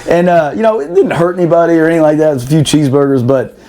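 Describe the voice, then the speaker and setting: A man telling a barracks story on a podcast in a casual, animated way, swearing, laughing and acting out quotes. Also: fairly high pitch, rapid-fire.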